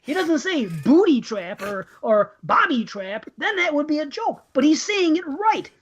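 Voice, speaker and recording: A woman's voice: high-pitched, sing-song, unhurried. A woman co-hosting a podcast in casual chat, ranting in profane exasperation. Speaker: podcast co-host. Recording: dull lo-fi podcast audio.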